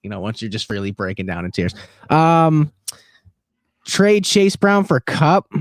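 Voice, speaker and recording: A man's voice: on the high side, very animated, measured pace, no room sound, clean studio sound. Playful joking man on a live stream. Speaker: stream co-host. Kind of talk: casual live-stream banter.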